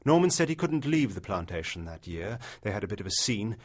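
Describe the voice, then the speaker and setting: A man narrating a literary short story as an audiobook, in a measured storytelling manner. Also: on the low side, sing-song, breathy edge.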